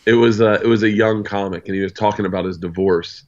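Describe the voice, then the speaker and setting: An American stand-up comedian, a man with a lowish voice, talks fast as an interview guest, swearing freely and acting out both sides of conversations as he tells stories in casual chat. The recording has a dull, lo-fi sound.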